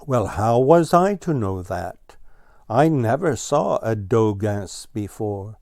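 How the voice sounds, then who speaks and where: A man voicing a brash, teasing male blue jay in a storybook, talking loud and cheeky. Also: on the low side, expressive, takes it slowly, dry recording, clean studio sound. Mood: puzzled.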